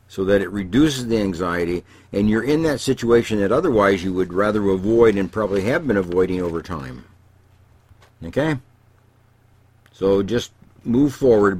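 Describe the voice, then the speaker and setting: A man speaking as a therapist, giving a calm, slow instructional talk and often checking in with "okay?", dropping to a hush on calming words. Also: on the low side, breathy edge, no room sound. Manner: softens and drops to a hushed voice on calming words.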